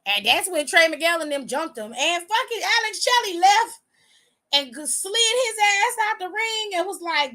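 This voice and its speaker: A woman's voice: very high voice, sing-song, moderate pace, sharp tone. A woman hosting a casual wrestling recap, talking in a sassy, profane, slangy way.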